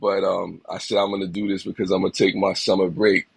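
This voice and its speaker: Deep gravelly man encouraging his livestream. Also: flat delivery, fast, dry recording, poor audio. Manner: reflective, encouraging, greets viewers by name. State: a little sick, slight cough. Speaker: livestream host. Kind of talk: casual motivational livestream talk.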